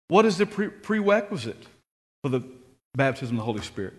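Pastor guy preaching, kinda high voice, tells stories, gets worked up and shouty. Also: normal speed. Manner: storytelling, rising to excited shouts when quoting people. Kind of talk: sermon.

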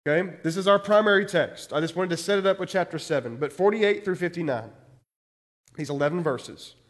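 Male pastor, high voice, passionate scripture reading and commentary. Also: a little fast. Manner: reads verses aloud with rising intensity, adds commentary. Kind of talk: expository sermon reading scripture.

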